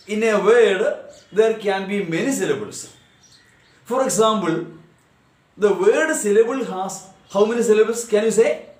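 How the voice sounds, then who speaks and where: A man teaching a grammar lesson on syllables, repeating words slowly and drilling their pronunciation. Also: sits high, a little mellow, reverberant. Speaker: English teacher.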